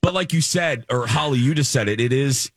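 A man's voice: medium pitch, a little fast, noisy background. A man in his forties, a radio co-host, telling a personal story in casual chat and acting out the quotes. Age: 40s.

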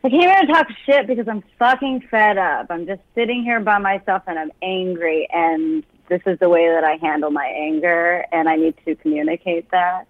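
A woman's voice: on the low side, moderate pace, hardly any pauses, no echo, narrow, tinny audio. A young woman calling into a comedy show, brash and profane, laughing often. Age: young adult. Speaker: caller. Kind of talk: crude comedic call-in banter.

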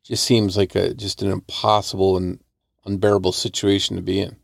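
A man's voice: deep voice, little pitch movement, brisk, creaky, no echo, clean studio sound. A man co-hosting a true crime podcast, speaking in a reflective, grave way with small restarts. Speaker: podcast co-host.

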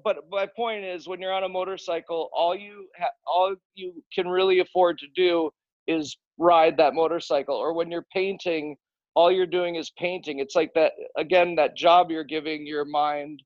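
A man with a somewhat high voice chats loosely on a podcast, often restarting his sentences and swearing casually. The sound is dry, close and a little muffled. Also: fairly even intonation, normal speed, dry recording. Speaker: podcast guest, musician.

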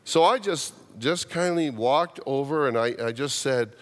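Speaking at medium pitch and a slightly slow pace, a pastor tells a story during a sermon, repeating words, stopping to start over, and voicing the people he quotes. The church sanctuary gives the recording a long hall reverb.

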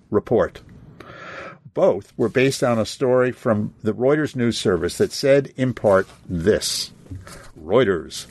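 A man's voice: on the low side, a little mellow, no room sound. A man delivering scripted political commentary on the radio, emphatic and repeating key words for stress.

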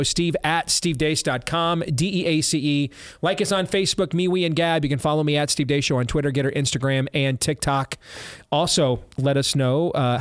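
A man's voice: fairly high pitch, no echo, studio quality. A male talk show host chatting casually and reading an ad, rambling and breaking off into asides. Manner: rambling, self-interrupting, chuckling asides. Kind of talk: casual talk radio chat and ad read.

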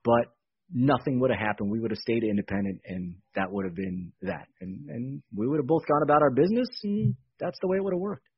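A man talking casually in a radio interview, animated and repeating words as he explains. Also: medium pitch, a little fast, creaky, slightly rough, highs cut off. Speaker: baseball team executive guest.

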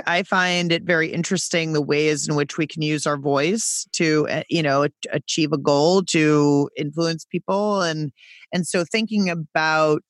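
Lively, chatty woman with a dry sound. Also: low-pitched, dry recording. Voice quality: very lively intonation, wide dynamic range. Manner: animated, talkative, lots of fillers and restarts. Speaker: podcast host and voice coach, guest. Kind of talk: casual conversation.

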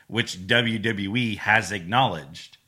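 A man drops in dry, brief remarks in a casual chat. His voice sits on the low side and has a very bright, sharp edge. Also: slow pace. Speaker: podcast co-host.

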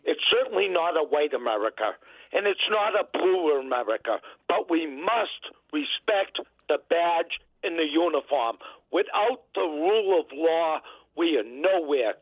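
A man's voice: fairly high pitch, lively intonation, unhurried, breathy edge, dry recording. Earnest man calling in over a tinny phone. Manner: earnest, emphatic. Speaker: caller.

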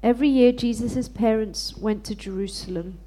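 A woman with a mellow, warm-toned voice reads scripture aloud at a steady pace. She answers the preacher with short amens between passages. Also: on the high side, moderate pace, low-quality recording. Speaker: congregation member reading scripture.

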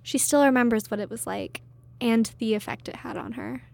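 Woman reporter, scripted narration, conversational, higher pitch. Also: moderate pace, dry recording. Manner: conversational, clear explaining.

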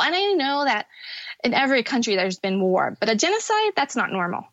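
Young adult woman, guest, candid halting storytelling, higher voice, dry muffled sound. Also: big pitch swings, no room sound. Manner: candid, tearful at times, halting. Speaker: podcast guest. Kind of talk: emotional personal storytelling.

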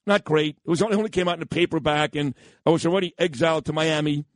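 A man's voice: on the high side, fairly even intonation, fast talker, dry recording. A man hosting a morning radio show, brash, rambling and self-mocking as he runs through the lineup. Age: 50s. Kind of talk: morning talk radio banter. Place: radio studio. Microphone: close studio mic.

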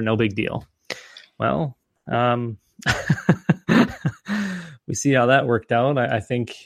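A man's voice: mid-range voice, fairly bright tone, dry recording. A man co-hosting a podcast, talking casually and rambling with many restarts and fillers. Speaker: podcast co-host. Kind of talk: casual fantasy football discussion.

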